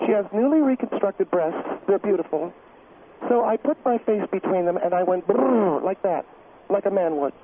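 Guy putting on a high-voiced touchy lady dance teacher, whiny and defensive, tinny phone line. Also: normal speed, background noise, lightly acted. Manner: indignant, self-pitying, rambling. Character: defensive middle-aged woman dance teacher. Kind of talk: comedic phone-in role-play.

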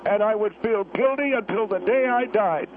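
A man's voice: high-pitched, a little hiss or hum, voice pushed up, natural voice. A man putting on a rambling old war veteran. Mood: earnest rambling. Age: over 70. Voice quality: halting, rambling, repeats himself. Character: elderly male Korean War veteran, rambling gun enthusiast. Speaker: caller. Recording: tinny phone line.

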